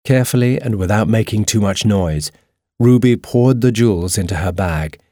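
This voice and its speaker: Low-voiced male storybook narrator. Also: moderate pace, no echo, clean studio sound. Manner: steady, even reading.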